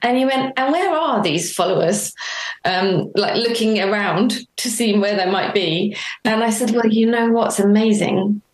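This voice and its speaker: A middle-aged woman being interviewed, telling her story earnestly and warmly, acting out remembered dialogue. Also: mid-range voice, moderate pace. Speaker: interview guest. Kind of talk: reflective conversational interview. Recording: roomy echo.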